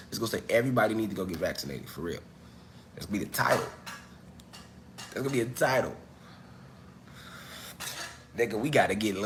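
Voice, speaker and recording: A man chatting casually on a home livestream, his voice sitting at an ordinary middle pitch. He talks straight to the viewers in loose slang and keeps coughing while he recovers. A faint hiss of noise sits under the recording. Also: fairly bright tone. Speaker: livestream host.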